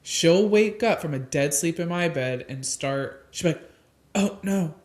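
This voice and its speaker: A young woman with a notably low, deep voice for a woman, talking easily about family life on a podcast. Her speech is loose and conversational, full of "like" fillers. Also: expressive, moderate pace, a little mellow. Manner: chatty, fills speech with "like". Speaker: podcast co-host and mother of twins. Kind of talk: casual chat.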